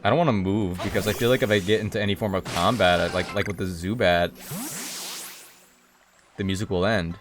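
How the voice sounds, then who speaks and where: A man live-streaming a video game, chatting casually with viewers and breaking into high, excited yelps when something happens in the game. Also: a little fast, long pauses, faint music behind.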